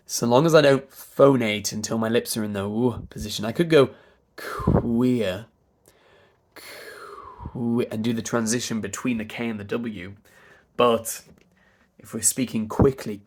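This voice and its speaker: A man with a Received Pronunciation accent coaching pronunciation, repeating words and sounds slowly, now and then whispering them. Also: lowish voice. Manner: drawn-out demonstration sounds, repeating words and phonemes, with whispered bits. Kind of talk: slow, deliberate pronunciation lesson.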